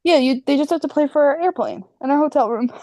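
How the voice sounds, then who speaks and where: A woman's voice: high voice, a little fast, dark tone. A young woman co-hosting a podcast, bubbly and chatty in casual conversation. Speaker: podcast co-host. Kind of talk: casual chat.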